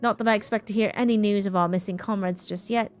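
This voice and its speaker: A woman's voice: medium pitch, steady tone, fast talker, a little mellow, lightly acted. A woman voicing a young, earnest nobleman who speaks politely in formal, old-fashioned phrasing, with faint game music behind her.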